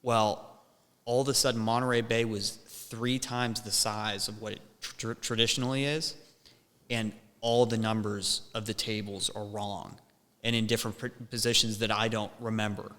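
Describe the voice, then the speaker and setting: A man's voice: lowish voice, level tone, normal speed, fairly bright tone. A young man telling a long dream story in casual chat, rambling, swearing often and restarting his sentences. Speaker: podcast host. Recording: long hall reverb.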